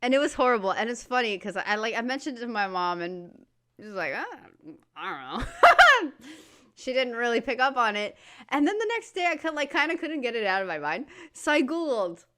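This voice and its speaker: A young woman from the States talks over a clip she's reacting to. Her voice is bright and sits a little high. She rambles in a casual way, full of "like" and "dude", and laughs a lot. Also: sing-song, fast, clean tone. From United States. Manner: chatty, laughs often, says "dude" and "like". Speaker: reaction video host.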